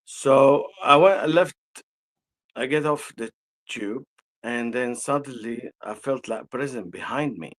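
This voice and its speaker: A man with an Arabic accent, an energy healer, shares a personal story in conversation, speaking slowly and haltingly with frequent restarts. His voice is medium-pitched, and the recording quality is low.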